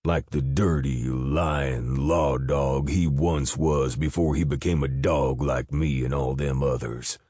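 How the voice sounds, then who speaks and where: A man doing a slow, sneering convict ringleader. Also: a bass voice, steady tone, warm tone, no room sound, clean studio sound, full character voice. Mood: mocking. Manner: slow, mocking drawl. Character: sneering, vengeful male convict riot leader.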